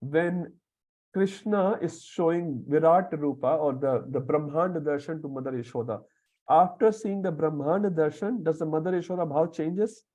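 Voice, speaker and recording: A man leads a scripture class in a slightly high voice. He explains each verse word by word and acts out the dialogue of the stories he tells. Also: moderate pace, a little mellow, rough recording. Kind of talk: lecture on scripture with storytelling.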